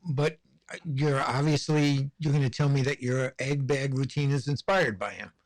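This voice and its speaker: A male podcast host with a voice of ordinary pitch asks questions in a halting, conversational way. The recording is dry, with no room sound. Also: fairly even intonation, vocal fry, no echo. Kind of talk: conversational interviewing.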